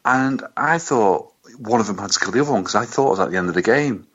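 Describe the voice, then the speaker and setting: A man co-hosting a podcast, with a dry, halting, sweary way of talking. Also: fairly low pitch, expressive, fairly bright tone, husky. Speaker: podcast co-host. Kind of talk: casual banter. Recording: dull lo-fi sound.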